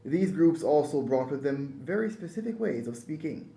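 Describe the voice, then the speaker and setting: Man narrating a news feature, dark tone. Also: on the high side, animated, normal speed, gravelly, echoey room.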